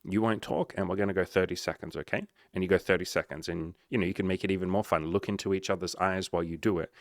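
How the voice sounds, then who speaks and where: A man's voice: low voice, vocal fry, no echo, clean studio sound. A man giving blunt, profane dating advice as a coach, often acting out little dialogues. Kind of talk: casual advice monologue.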